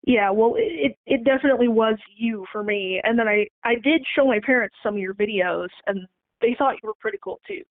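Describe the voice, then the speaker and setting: Eager female caller, a bit high, heard through a phone line. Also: a little fast. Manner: eager, stammers a little. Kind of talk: casual phone call.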